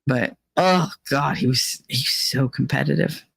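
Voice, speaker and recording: A woman's voice: very deep voice, unhurried, vocal fry, fairly bright tone, slightly rough, no echo. A woman chatting casually on a livestream, swearing freely as she tells stories and answers chat. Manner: profane, storytelling, mimics others in quotes. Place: away from home, traveling.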